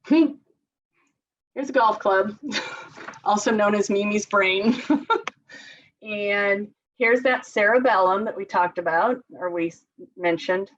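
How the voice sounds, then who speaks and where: A woman's voice: medium pitch, takes it slowly, pauses often. A woman occupational therapist giving a casual training talk to parents, chatty and laughing often. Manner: chatty, laughs often, leads group exercises with chanting. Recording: slightly dull lo-fi sound.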